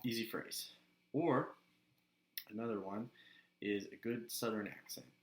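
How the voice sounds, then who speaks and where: A man casually sharing voice acting tips in a relaxed, chatty way. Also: lowish voice, unhurried, reverberant, low-quality recording. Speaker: voice actor giving tips. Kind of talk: casual instructional vlog.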